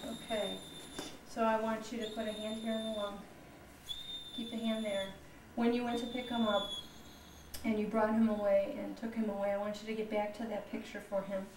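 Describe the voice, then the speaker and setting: A woman's voice: mid-range voice, little pitch movement, normal speed. A woman practitioner guiding a live treatment session in a soothing, coaxing way, repeating short instructions. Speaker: energy healing practitioner. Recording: echoey room from far off with loud background noise.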